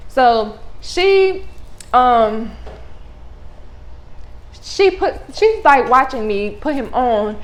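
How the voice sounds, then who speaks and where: Blunt, animated young woman vlogger. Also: a little high, very slow, long pauses, poor audio. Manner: animated, blunt, slangy with swearing. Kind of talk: casual storytime.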